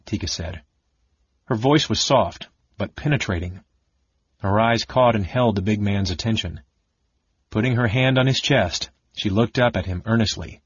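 Man, audiobook narrator, low husky voice, measured expressive reading, dull lo-fi recording. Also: no echo. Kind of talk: scripted fantasy narration.

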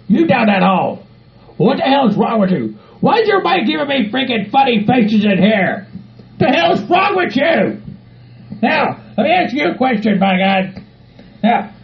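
A man voicing a loud hillbilly, rambling and quick to blow up. His voice sits high and gravelly, like a lo-fi home comedy sketch. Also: full character voice. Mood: exasperated. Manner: rambling, peppers talk with "by God", bursts into shouting. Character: rowdy hillbilly man checking into an asylum.

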